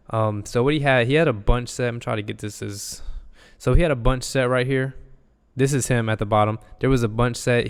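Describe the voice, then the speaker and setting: A man's voice: medium pitch, smooth, in a large hall. A young man, an enthusiastic football analyst, talking loosely through game film and repeating himself as he goes. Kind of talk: casual film breakdown.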